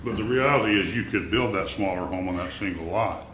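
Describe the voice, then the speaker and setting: A man's voice: sits low, fairly quick, crowd noise. A man serving as planning commissioner, speaking bluntly and directly at a public meeting. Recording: roomy meeting hall echo.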